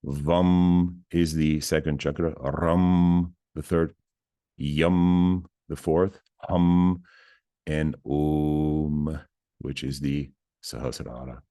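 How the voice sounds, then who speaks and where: Man teaching outdoors, low voice, dry close sound, chatty and self-mocking, chants syllables between points. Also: level tone, extremely slow, dark tone, dry recording. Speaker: spiritual teacher. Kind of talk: casual teaching talk. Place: outdoors near a bridge.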